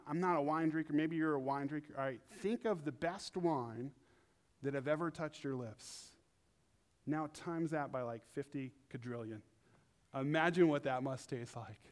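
A young man preaching in a casual, animated way, acting out quotes in funny high voices. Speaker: pastor. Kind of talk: casual sermon.

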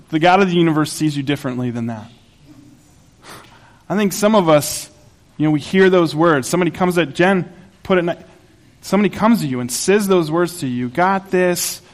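A man's voice: on the high side, lively intonation, brisk. A pastor preaching a sermon to his congregation in a conversational, humorous way, laughing at his own asides. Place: church sanctuary.

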